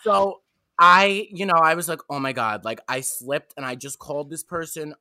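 A young woman telling a candid, self-deprecating story on a podcast, animated and quick to joke at her own expense. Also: deep voice. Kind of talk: casual storytelling chat.

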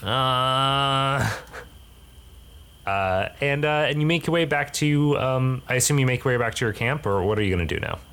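A man narrating as game master for a tabletop game, halting and searching for his words as he describes each scene. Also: medium pitch, expressive, fairly bright tone, clear, resonant tone.

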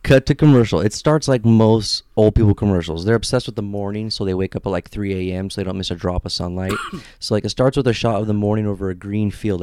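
Young male podcast co-host, animated comic storyteller, dry close mic. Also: lowish voice, dry recording. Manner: animated storytelling, frequent laughing. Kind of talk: casual chat.

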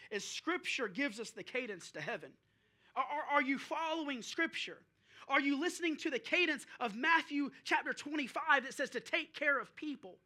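Pastor, male, high bright tenor, preaches in rising rhetorical questions. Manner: preaching with rhetorical questions and drill-call shouts. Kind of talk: sermon.

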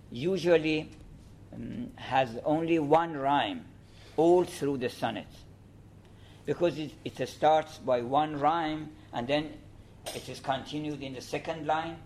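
Slow, hesitant male lecturer. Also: a little high. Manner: measured, with frequent fillers and restarts. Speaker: lecturer on poetry.

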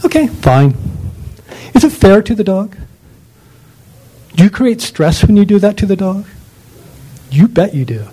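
A man's voice: high voice, sing-song, measured pace, pauses often, warm tone, husky, rough recording. A man lecturing on dog training in an emphatic, ranting way, full of rhetorical questions.

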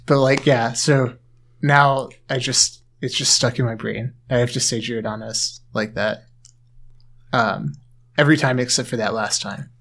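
A man chatting on a podcast, winding through his stories with plenty of pauses and fillers. His pitch sits in the middle range. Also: wildly swooping pitch, gravelly, a bit bright. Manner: rambling, filler-heavy storytelling. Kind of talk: casual chat.

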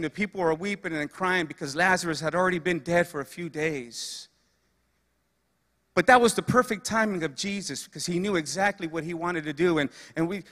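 Bright-voiced male preacher in a reverberant hall. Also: high-pitched. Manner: earnest storytelling with repeated phrases. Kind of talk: sermon.

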